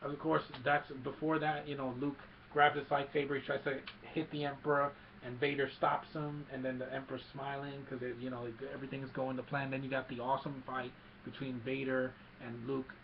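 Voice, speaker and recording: A man recaps a film plot in a rambling, eager way, often restarting his sentences. His voice has a gravelly grain. The recording is dull and lo-fi, with a faint hiss underneath. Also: mid-range voice, level tone, brisk. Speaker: film reviewer. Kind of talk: casual movie recap.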